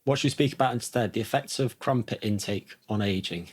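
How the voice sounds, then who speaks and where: A man's voice: fairly low pitch, brisk, slightly rough. A man co-hosting a health podcast, a scientist who teases his co-host in a dry, wry way. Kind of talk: casual podcast banter and scripted intro.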